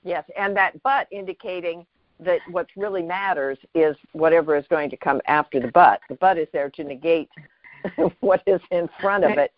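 A show host reflecting slowly and thoughtfully, often pausing to find the next phrase. The voice sits in a middle register, recorded close and dry with a slightly muffled, lo-fi sound. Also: mid-range voice, no echo. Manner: thoughtful, searching, halting phrasing. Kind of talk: reflective spiritual talk.

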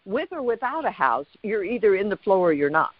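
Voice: medium pitch, big pitch swings, brisk, no echo, phone-quality sound. A talk-show host who responds to a caller with frequent affirmations and playful asides. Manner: affirming, many backchannels, playful. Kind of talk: supportive talk-show conversation.

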